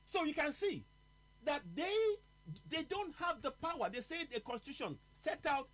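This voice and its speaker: A male host, running a live political talk broadcast and stressing his key points by repeating them slowly. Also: extremely high pitch, sing-song, a bit bright, faint music behind, low-quality recording.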